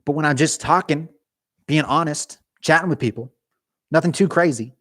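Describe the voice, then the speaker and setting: A man's voice: on the high side, moderate pace, dry recording, clean studio sound. Chatty young man streaming live. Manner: casual, animated, talks with his hands; chatty with frequent restarts. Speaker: YouTube gaming channel host. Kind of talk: live stream chat with viewers.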